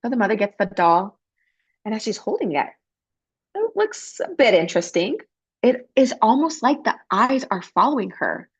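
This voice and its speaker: A woman interpreting for a panelist, telling a story in an expressive, animated way. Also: fairly high pitch, normal speed, husky. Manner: animated, expressive, breaks into character voices. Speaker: sign language interpreter voicing a panelist.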